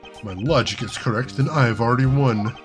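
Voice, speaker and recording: A man's voice: mid-range voice, a little fast, music in the background, natural voice. A man reading as a haughty young woman prosecutor. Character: proud young female prosecutor, scornful.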